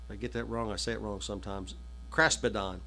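A male pastor preaching a sermon in a conversational style, swinging from emphatic high peaks down to quiet asides. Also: fairly even intonation, a little fast, slight background noise. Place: church hall.

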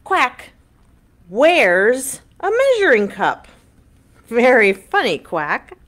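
A librarian hosts an online storytime for young children, reading a picture book aloud in a lively, sing-song style. Her voice sits a little high and she speaks extremely slowly.

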